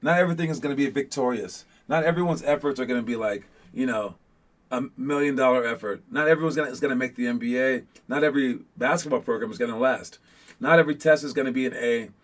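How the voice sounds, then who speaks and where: A young man coaching young basketball players in a casual pep talk, rambling with lots of fillers and getting animated as he retells scenes. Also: mid-range voice, fast.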